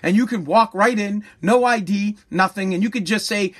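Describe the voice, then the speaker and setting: A political commentator ranting with heavy profanity and sarcasm, swinging between loud mockery and a mock-calm hush. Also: medium pitch, normal speed.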